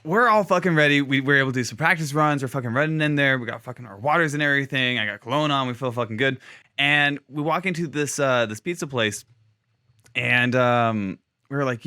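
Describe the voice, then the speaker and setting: Bright animated man telling a story. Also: mid-range voice, fairly quick, clear, resonant tone, dry recording, studio quality. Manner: animated, profane, acts out other people's voices. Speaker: podcast co-host. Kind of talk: casual storytelling.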